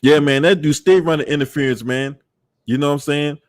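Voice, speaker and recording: A man livestreaming in casual chat, swearing freely, laughing often and shouting out viewers. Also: fairly high pitch, fairly even intonation, fairly quick, dry recording, clean studio sound.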